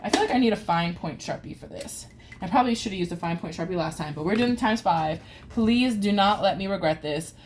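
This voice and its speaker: A woman's voice: on the low side, lively intonation, brisk, a little hiss or hum. A woman hosting a casual budgeting vlog, chatting through dice-roll savings games with playful groans and cheers. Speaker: budgeting channel host.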